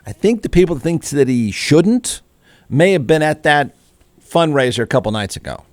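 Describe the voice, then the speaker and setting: A man's voice: medium pitch, darkish tone, no echo, clean studio sound. A man hosting a talk show, giving snarky, irreverent commentary full of rhetorical questions. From Austin, Texas. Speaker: radio talk show host. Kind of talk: opinion commentary.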